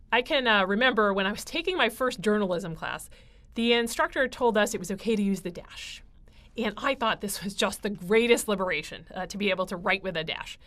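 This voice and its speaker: A woman giving a writing lecture, explaining clearly with frequent fillers. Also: medium pitch, fairly bright tone. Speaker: writing instructor.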